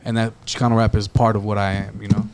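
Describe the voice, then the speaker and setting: A man, a rapper talking as a podcast guest in a relaxed, slangy way. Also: on the low side, fast, slight background noise. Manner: relaxed, slangy, says "dog" and "you know what I'm saying" a lot. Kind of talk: casual chat.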